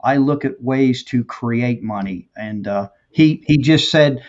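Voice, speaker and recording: Guy hosting an interview, calm and thinking out loud, mid pitch, kinda muffled lo-fi sound. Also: takes it slowly. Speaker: interview host. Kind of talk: casual interview talk. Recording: dull, lo-fi audio.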